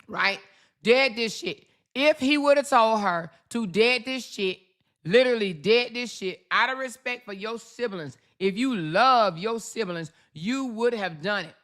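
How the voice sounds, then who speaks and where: A woman's voice: on the high side, animated, unhurried, fairly bright tone. A woman, hosting a casual livestream, brash and profane, calling her viewers y'all and honey. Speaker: livestream host.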